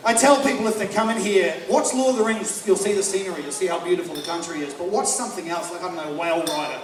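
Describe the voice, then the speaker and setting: A man's voice: sits high, fast talker. A man doing a brash, swearing stand-up comedy set with mocking impressions. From North America. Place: live comedy venue with audience. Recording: echoey live room, crowd noise, distant mic. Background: crowd laughter.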